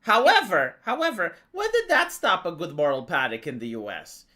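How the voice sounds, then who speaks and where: Eastern european guy on a stream, lively pitch, bright voice, laughs a lot. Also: moderate pace. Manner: animated, laughs often, trails off with fillers. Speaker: live stream host. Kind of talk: casual political chat.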